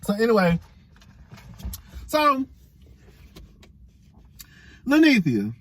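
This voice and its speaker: This gossip vlogger speaks extremely slowly in a very high-pitched, somewhat bright voice with huge swings in pitch. Laughing frequently, he serves up sassy reality-TV commentary and calls viewers "girl" and "y'all."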